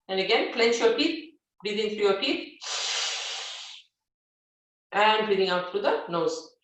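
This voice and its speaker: A woman teaching a yoga breathing class, guiding gently with frequent "yeah?" check-ins and fillers. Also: medium pitch. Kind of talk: live guided yoga class. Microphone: device set back from the speaker. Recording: very echoey room, far from mic.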